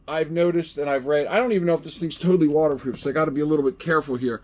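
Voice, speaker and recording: A man's voice: a little high, very fast, a little hiss or hum. Chatty man testing a gadget on camera. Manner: chatty and animated, talks to himself while testing. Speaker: gardening channel host. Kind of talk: casual product-testing vlog.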